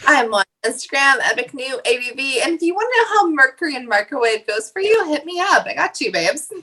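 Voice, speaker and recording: A woman co-hosting a casual podcast roundtable, with a high, bright voice. She tells stories animatedly, her pitch leaping around, and she swears freely. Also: sing-song, fairly quick, low-quality recording. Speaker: podcast co-host.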